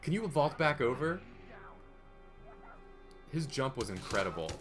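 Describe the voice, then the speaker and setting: A man's voice: mid-range voice, sing-song, a little slow, over music. A man co-hosting a game stream, teasing and joking in casual banter. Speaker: streamer co-host.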